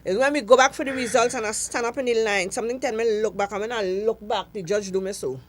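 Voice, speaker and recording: Speaking fast in a slightly high voice, this middle-aged woman from Trinidad and Tobago is an interview guest recounting her story. Her Trinidadian accent carries plenty of laughter and emphasis throughout the animated telling.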